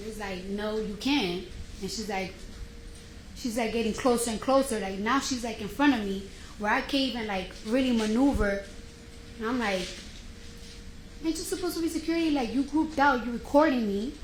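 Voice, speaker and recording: A woman testifying in court, telling her story in an animated, slangy way and acting out the quoted dialogue. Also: on the high side, normal speed. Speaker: trial witness. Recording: roomy courtroom audio with faint noise.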